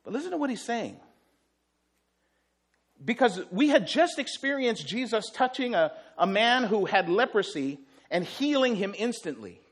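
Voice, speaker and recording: A man's voice: high-pitched, sing-song, measured pace. A male pastor preaching a sermon, telling the story vividly and acting out the quotes.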